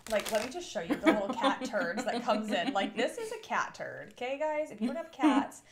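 A woman's voice: fairly high pitch, sing-song, fairly quick, a loud crowd. A young woman co-hosting a casual snack-tasting vlog, playful and joking. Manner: playful, joking, sensory comments. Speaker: vlog co-host.

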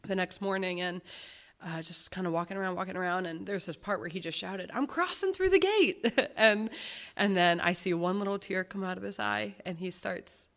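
A woman speaking as a granddaughter at a memorial service, telling personal stories about her grandfather in a heartfelt, halting way. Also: lowish voice, level tone, creaky, a bit bright. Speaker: granddaughter giving a eulogy. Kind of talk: memorial tribute speech.

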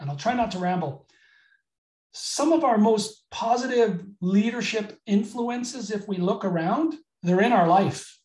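A man runs a leadership webinar over a video call, talking in a candid, energetic way. His voice sounds roomy and sits back from the mic. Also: high-pitched, far from the mic. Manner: energetic, candid, gets emotional. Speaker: leadership trainer. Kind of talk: live webinar training.

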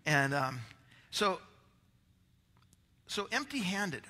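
Breathless pastor guy, high voice, really bright and sharp, echoey church hall. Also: very animated, very slow. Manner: conversational, rambling with restarts. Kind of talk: sermon.

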